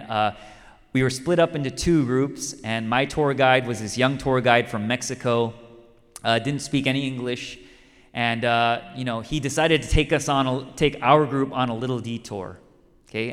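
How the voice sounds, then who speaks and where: A man's voice: mid-range voice, fairly bright tone. A male pastor preaching a sermon in a conversational way, telling a story and repeating key lines for emphasis. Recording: long reverb of a large hall.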